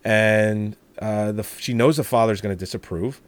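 A man's voice: lowish voice, fairly even intonation, normal speed, dry recording. Conversational man recounting scenes. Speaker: podcast co-host. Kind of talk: casual movie review chat.

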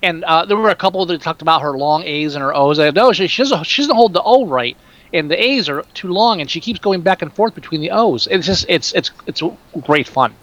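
On a podcast, a man with a New Jersey accent chats casually, rambling along with frequent restarts and mocking asides. His high voice is expressive, brisk and a bit bright, though the highs are cut off.

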